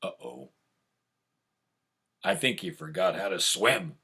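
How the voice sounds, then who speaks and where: A storyteller putting on the voice of Jack, an easygoing grown man who tinkers with wild schemes, speaking low and drawling. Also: animated, takes it slowly, sharp tone, breathy edge, exaggerated voice. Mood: laid-back.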